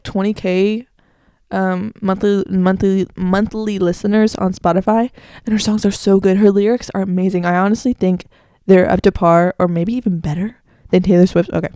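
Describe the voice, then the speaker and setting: The young woman's mid-range, dark-toned voice comes through dry and studio-clean as she talks casually into a mic on her own podcast. She's strongly opinionated and leans heavily on "like."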